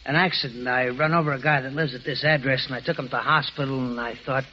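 An actor playing a rough-spoken driver who talks in blunt, ungrammatical street slang, in a 1940s radio play, from a dull old recording with faint hiss. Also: male voice, medium pitch, steady tone, fast, lightly acted.

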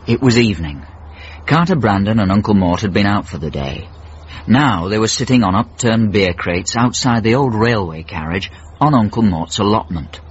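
A man narrating a radio comedy story in a dry, measured way. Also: on the low side, lively intonation, slightly rough. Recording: dull old radio broadcast.

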